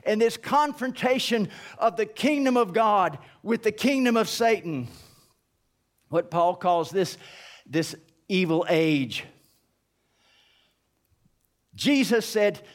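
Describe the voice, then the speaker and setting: Man, American, pastor, sermon, high voice, folksy animated delivery, acts out dialogue. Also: slow pace. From United States. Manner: drops to a low hushed voice for emphasis.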